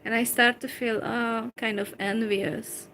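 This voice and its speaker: A Hungarian woman talking to camera in English with a Hungarian accent, replying to a viewer slowly and hesitantly, with many fillers. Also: on the high side, little pitch movement, fairly bright tone, faint music behind, poor audio. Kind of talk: casual talk to camera.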